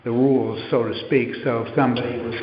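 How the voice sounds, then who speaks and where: A man speaking haltingly at a town board meeting, pausing often with "um". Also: medium pitch, flat delivery, noisy background. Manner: halting, many "um"s. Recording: echoey hall, muffled audio.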